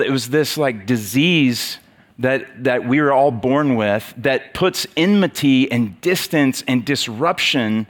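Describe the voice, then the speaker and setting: A man's voice: a little high, fairly bright tone. Preacher, male, casual sermon delivery, chatty, lots of fillers and restarts. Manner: conversational, with many fillers and restarts.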